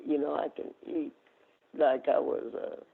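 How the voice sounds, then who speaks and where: Lively older woman on a phone line. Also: sits low, a little slow, creaky, breathy edge. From United States. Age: 80s. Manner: animated storyteller, acts out quoted exchanges. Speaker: guest, masters sprinter. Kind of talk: casual storytelling interview. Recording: tinny phone-line audio.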